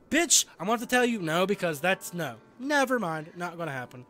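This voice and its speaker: A young man playing a video game and reacting with excited, swearing commentary, laughing often. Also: high-pitched, moderate pace, soft background music. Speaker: let's player.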